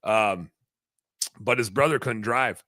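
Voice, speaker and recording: A man hosting a podcast, telling a long story in a rambling, animated way, full of fillers. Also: on the low side, slow, no room sound. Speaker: podcast host, business owner.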